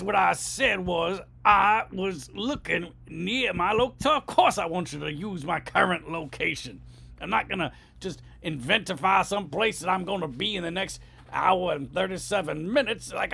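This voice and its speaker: A man's voice: sits high, creaky, bright, forceful tone, breathy edge. A man ranting with mock indignation on a comedy podcast, rambling and getting worked up. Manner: indignant, rambling, escalating complaints. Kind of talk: improvised comedy rant.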